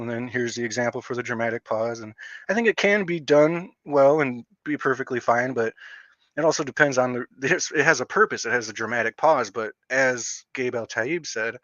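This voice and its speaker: A man rants casually on a livestream in a bright, forceful voice, with a slight stutter that catches on some words. He rambles and restarts often as he talks. The sound is dull and lo-fi, with a dry, close feel. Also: medium pitch, no room sound. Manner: rambling, with frequent fillers and restarts. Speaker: livestream host.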